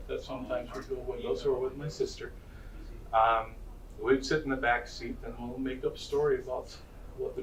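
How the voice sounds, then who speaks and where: A Norwegian-accented man tells childhood stories at a presentation, chatty and self-deprecating, tripping over his words now and then. His voice sits at a middle pitch. It was recorded from a distance in an echoey room with faint background ambience. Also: a little hiss or hum. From Norway. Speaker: college counselor giving a presentation. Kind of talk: casual storytelling presentation.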